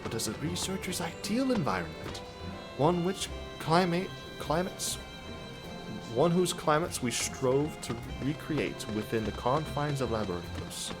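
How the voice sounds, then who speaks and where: An overworked, chatty farm laborer, voiced by a man reading game lines aloud talks in a raised, lilting voice that reaches for an Irish or Scottish accent. Game music plays clearly under him. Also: sing-song, unhurried. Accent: attempted Irish or Scottish lilt. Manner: louder, higher and brighter than his own voice.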